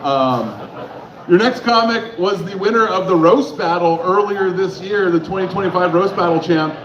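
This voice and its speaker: A man's voice: high voice, moderate pace, fairly bright tone, slight background noise. Bantering man emceeing a comedy night. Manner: teasing, bantering with the room. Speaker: comedy show host. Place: comedy club on stage. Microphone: handheld stage mic. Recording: echoey lo-fi club with crowd.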